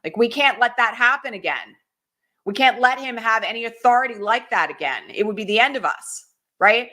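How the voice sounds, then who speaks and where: Her pitch runs high and her intonation is lively as this middle-aged political commentator talks a little fast, pushed and bright. On her livestream she addresses viewers urgently and directly, posing rhetorical questions.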